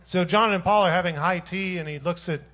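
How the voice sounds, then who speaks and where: A man's voice: sits high, fairly quick, a bit bright. A man, a singer-songwriter, chatting between songs at a live show in a rambling, self-deprecating joking way, into a stage microphone. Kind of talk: between-song stage banter. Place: live music venue.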